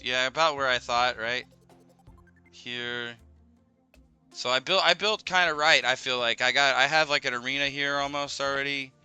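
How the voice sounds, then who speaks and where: A man streaming a video game, talking through it casually and swinging into high, panicked yelps and swearing. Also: clear, resonant tone. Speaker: gaming streamer. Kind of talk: live game commentary. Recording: game music loud behind voice. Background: game music.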